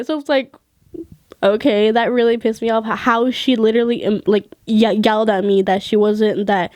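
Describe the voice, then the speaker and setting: A young woman vlogger telling a story in casual, animated talk, swearing, laughing and acting out what others said. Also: fairly high pitch, moderate pace, no room sound.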